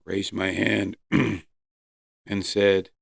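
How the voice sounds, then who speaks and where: A man hosting his own podcast, earnestly telling his personal recovery story with pauses and fillers. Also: on the low side, little pitch movement, vocal fry, breathy edge, no room sound, clean studio sound. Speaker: podcast host. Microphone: close podcast mic.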